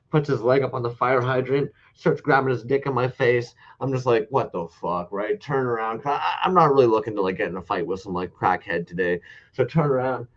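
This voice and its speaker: A man's voice: mid-range voice, lo-fi sound. A man co-hosting a casual online toy show, a rambling, profane storyteller. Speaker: podcast co-host. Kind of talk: casual chat with heavy swearing.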